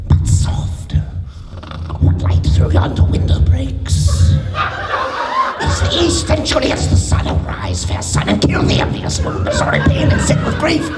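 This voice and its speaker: A man putting on a booming, grandiose stage actor. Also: exaggerated voice. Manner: theatrical declaiming with huge pitch leaps. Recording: echoey convention hall with a long reverb.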